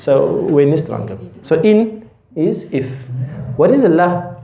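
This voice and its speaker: A man with a fairly high voice teaches a grammar class. He quizzes the room and answers himself, going over each term again. The sound is roomy and a little dull, like a lo-fi classroom recording. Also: sing-song, slow, creaky, a little hiss or hum. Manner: asks the class questions and answers them himself, repeats key terms. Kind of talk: classroom lesson.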